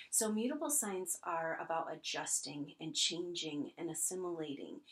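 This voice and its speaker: Female astrologer, slightly low voice, earnest and unhurried, casual fillers. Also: fairly bright tone, low-quality recording. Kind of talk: spoken astrology forecast.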